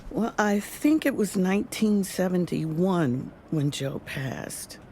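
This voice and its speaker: An actress playing a reflective older grandmother and philosophy professor, speaking in a measured way in an audio drama. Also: lowish voice, lively intonation, mellow, a little hiss or hum. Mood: wistful.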